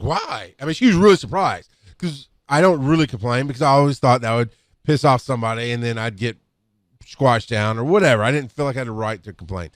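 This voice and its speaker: A middle-aged EMS instructor with a medium-pitched voice casually tells rambling work stories on a podcast mic, with many restarts and acted-out quotes. The audio is studio quality, free of room sound.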